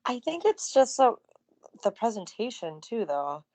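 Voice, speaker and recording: A woman co-hosts a casual wrestling podcast. Her voice moves widely in pitch, and she chats in an animated way, often laughing and trailing off mid-thought. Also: unhurried. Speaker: podcast co-host.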